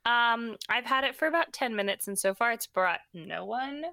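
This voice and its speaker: A woman's voice: fairly high pitch, lively intonation, normal speed, vocal fry, pushed and bright, no room sound. A pregnant young woman co-hosting a podcast in casual chat, rambling with lots of fillers. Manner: chatty, rambling with many fillers. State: pregnant and tired. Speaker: podcast co-host.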